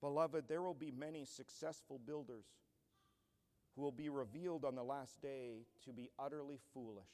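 A man's voice: medium pitch, moderate pace, dark tone. A man pastor preaching a sermon in an earnest style that builds to emphatic declarations. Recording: long church hall reverb.

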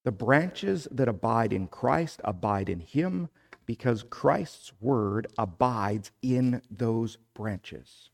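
A man preaching a sermon, deliberate and measured, rising in force when he reads scripture aloud. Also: mid-range voice, animated, gravelly. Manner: slow, deliberate preaching with emphatic rises when reading scripture. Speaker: pastor.

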